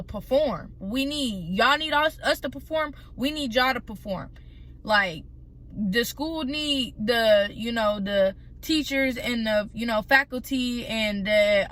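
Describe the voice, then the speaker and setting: Animated, indignant young woman vlogger. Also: fairly high pitch. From Tennessee. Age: young adult. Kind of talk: mukbang storytime rant.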